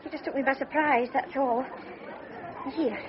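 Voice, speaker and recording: A woman's voice: high-pitched, fairly even intonation, normal speed, crowd noise, lightly acted. An actress playing a naive young Scottish woman traveling alone, fussy and primly polite, in an old radio drama. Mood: insistent. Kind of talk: 1940s radio drama acting. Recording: muffled old radio recording, noisy background.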